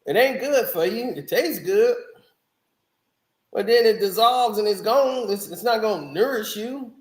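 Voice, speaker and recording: A man with a high voice, talking slowly in casual, opinionated commentary. He laughs often and throws in mocking asides. His voice rings in a roomy, echoey space. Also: animated. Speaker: music reviewer vlogger.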